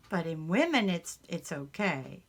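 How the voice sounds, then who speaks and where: A woman with a Southern drawl chats slowly and easily over her crafts, her lowish voice carrying a gravelly fry. She talks like a folksy storyteller and sprinkles in old Southern sayings. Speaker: craft channel host. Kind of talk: casual crafting chat and storytelling.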